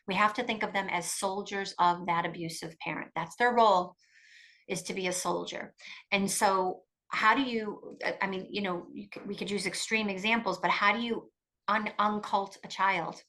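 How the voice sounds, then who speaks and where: A woman's voice: mid-range voice, fairly even intonation, sharp tone, rough recording. Emphatic middle-aged woman giving advice. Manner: emphatic, fast-flowing, with restarts. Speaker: guest expert on coparenting. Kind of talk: podcast interview, advice.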